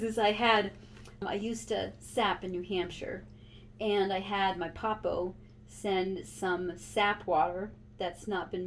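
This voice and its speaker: A podcast host from Montana tells a story in casual chat, her medium-pitched voice set against slight background noise. She's a giggly, animated storyteller who laughs a lot.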